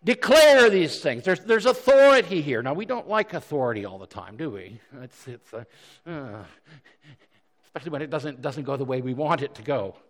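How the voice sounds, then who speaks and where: A man preaching a sermon as pastor, conversational and animated, with frequent restarts and self-deprecating asides. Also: mid-range voice, brisk. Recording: long hall reverb.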